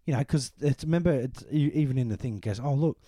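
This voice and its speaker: A man co-hosting a casual film discussion podcast, rambling and animated, often saying "you know". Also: medium pitch, fast talker, dry recording, clean studio sound. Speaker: podcast co-host.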